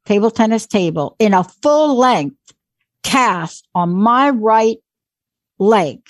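A woman in her forties, a guest speaker telling an animated, motivational story. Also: mid-range voice, no echo. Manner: animated, acts out quoted voices.

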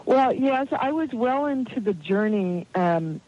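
A woman guest telling a lively personal story in an interview, acting out the voices of the people in it and laughing now and then. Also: on the high side, unhurried, lo-fi sound. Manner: animated anecdotal storytelling, quotes voices, laughs easily. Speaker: guest, healer.

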